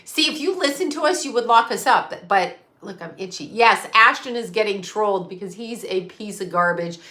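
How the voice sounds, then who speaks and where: A woman's voice: mid-range voice, animated, moderate pace, bright, forceful tone. A middle-aged woman ranting on an unscripted live stream, blunt, profane and sarcastic. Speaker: psychic medium live streamer.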